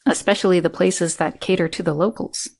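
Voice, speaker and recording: A woman's voice: on the low side, steady tone, brisk, a little mellow. Cal, a woman voicing an eager friendly man. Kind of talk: audiobook character reading.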